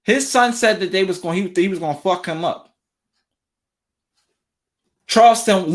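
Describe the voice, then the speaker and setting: A man's voice: high-pitched, normal speed, long pauses. A man hosting a relationship talk show, giving casual commentary straight to his viewers and repeating phrases for emphasis.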